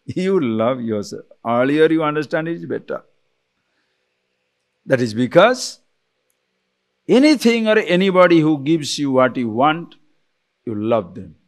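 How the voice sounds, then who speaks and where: A man, a spiritual teacher giving an animated lecture on scripture, full of rhetorical questions and chuckles. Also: a little high, unhurried, long pauses.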